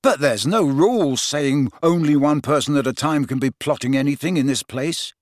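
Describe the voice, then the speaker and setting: This audiobook character voice comes from a man playing a laid-back teenage boy with a casual, reasonable, teasing manner. He speaks at a moderate pace in a voice on the high side that stays close to his everyday one, recorded in studio quality without echo.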